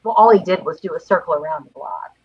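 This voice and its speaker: A woman's voice: fairly low pitch, fast talker, husky. Chatty woman telling stories over a muffled call. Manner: lively storyteller, acts out quotes. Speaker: guest. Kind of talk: casual chat. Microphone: video call.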